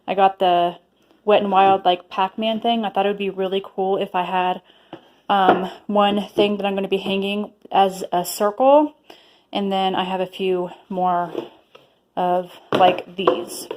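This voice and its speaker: A lifestyle vlogger in her twenties chats casually at home, rambling with plenty of fillers and sounding slightly out of breath. Her mid-range voice is steady, a little slow and a little mellow. The room is echoey.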